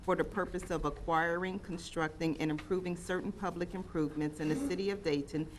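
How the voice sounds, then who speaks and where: A woman serving as city clerk, reading meeting procedure and ordinances in a measured, formal way. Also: fairly low pitch, fairly even intonation, slight background noise. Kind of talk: formal reading of agenda items.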